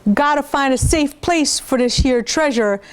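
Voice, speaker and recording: Woman doing a storybook pirate captain: loud, gruff, high-pitched, bellowing his orders. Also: measured pace. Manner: booming pirate talk, growled exclamations.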